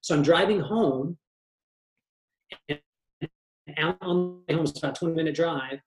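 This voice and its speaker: A man from California, a hairdresser, tells his life story in an easy, joking way and slips into voices for the people in it. His voice sits a little high for a man, and the room around him rings with echo. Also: normal speed. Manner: animated, joking, acts out family members' voices. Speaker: guest hairdresser. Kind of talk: storytelling in a podcast interview.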